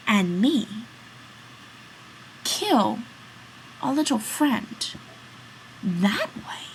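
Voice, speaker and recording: A woman's voice: sits high, a little hiss or hum, voice pushed up, exaggerated voice. A woman voicing a bossy young man who leads and plots against his friend. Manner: commanding, plotting. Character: bossy scheming young ringleader.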